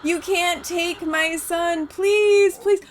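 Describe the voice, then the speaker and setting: A woman voicing a distraught mother in a life-sim game who pleads with Death for her son, in a drawn-out, wailing tone. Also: very high voice, steady tone, a little hiss or hum, voice pushed up, full character voice. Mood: pleading.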